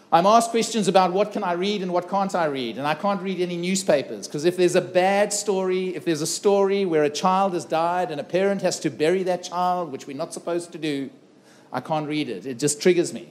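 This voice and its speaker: A middle-aged man from South Africa tells a personal story from a festival stage. His voice sits fairly high, and he delivers it earnestly, acting out the dialogue. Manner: earnest, dramatic retelling with acted-out dialogue. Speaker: keynote speaker. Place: festival stage before a live audience.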